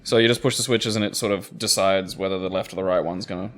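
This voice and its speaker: A man co-hosting casual let's-play commentary, full of crude jokes and quick giggles as he asks about the game. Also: deep voice, steady tone, a bit bright, faint music behind. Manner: jokey, giggly, crude quips. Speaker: co-host watching the game.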